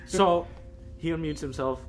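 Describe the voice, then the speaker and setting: A man telling a story in casual chat with friends, animated and swearing, often laughing and acting out people's voices. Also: fairly high pitch, a little slow. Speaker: streamer. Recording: faint background noise.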